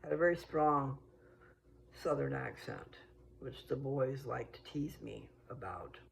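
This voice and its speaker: A woman's voice: extremely low pitch, lively intonation, measured pace, vocal fry, slight background noise, rough recording. An American woman chatting casually in a meandering, think-aloud way while out walking. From United States. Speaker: vlogger. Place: outdoors on a walk.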